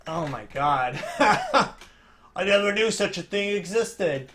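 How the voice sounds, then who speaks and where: A man's voice: high-pitched, very animated, measured pace, bright, forceful tone. A man doing reaction commentary, profane and rambling, laughing and restarting often as he mocks what he watches.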